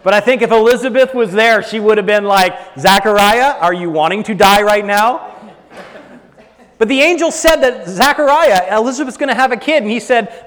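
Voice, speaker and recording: A male pastor preaching a sermon, swinging between hushed lines and loud, drawn-out ones. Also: very high voice, big-room sound.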